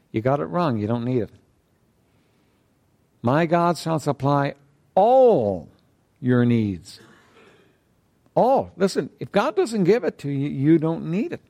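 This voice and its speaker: A man's voice: fairly high pitch, darkish tone. A man preaching a sermon who speaks emphatically, repeats key phrases and keeps asking the congregation "right?". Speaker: pastor.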